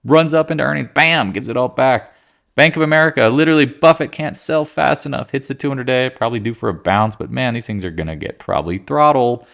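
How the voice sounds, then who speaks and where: A man giving a casual, blunt, jokey rundown of market charts as a commentator, with quick asides. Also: medium pitch, gravelly, fairly bright tone.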